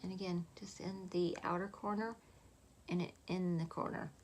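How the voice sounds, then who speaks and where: Woman, lowish voice, soft and chatty, half-whispering, makeup tutorial. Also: flat delivery, moderate pace, slight background noise. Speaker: makeup vlogger.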